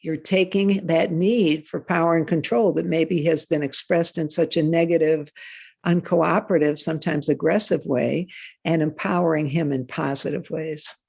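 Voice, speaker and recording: A woman's voice: low voice, steady tone, moderate pace, creaky, darkish tone, husky. A woman interview guest who founded a parenting program, giving earnest, emphatic advice. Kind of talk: conversational interview.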